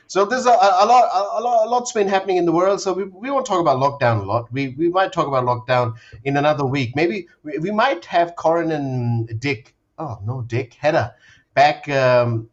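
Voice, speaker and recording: A man's voice: a little high, moderate pace. Rambling man hosting on muffled webcam audio. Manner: rambling, stumbling restarts, giggly. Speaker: podcast host. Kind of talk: casual comedic chat.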